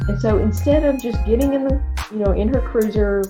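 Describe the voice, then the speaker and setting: Woman podcast host retelling a story, lively storyteller who does the voices, music playing under her. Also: on the high side, brisk. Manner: animated storytelling, acts out quoted voices. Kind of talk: casual conversation.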